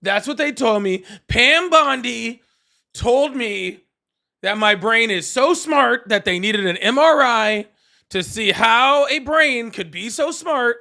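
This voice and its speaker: A man's voice: very high voice, lively intonation, slow, vocal fry, sharp tone, exaggerated voice. A man doing an impression of a boastful, rambling older male president. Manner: bragging, repetitive, self-praising.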